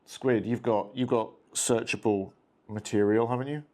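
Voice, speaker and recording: A man's voice: mid-range voice, fairly even intonation, normal speed, darkish tone. A man hosting a solo tabletop wargame session, chatting casually and talking to his cats between dice rolls. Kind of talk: casual play-through commentary.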